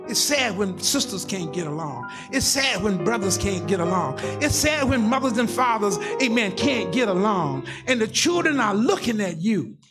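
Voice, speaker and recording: A man's voice: high-pitched, big pitch swings, moderate pace, hardly any pauses, music in the background. A man in his sixties preaching a sermon as pastor, in a folksy, rhythmic style that repeats phrases and calls for responses from the congregation. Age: 60s.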